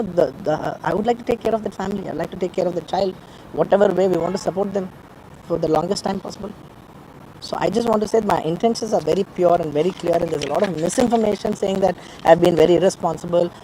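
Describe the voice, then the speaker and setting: Guy at a press meet, earnest and emotional, talks fast, repeats himself a lot. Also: sits high, mellow, a little hiss or hum, low-quality recording. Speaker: film actor at a press meet. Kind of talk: press conference statement.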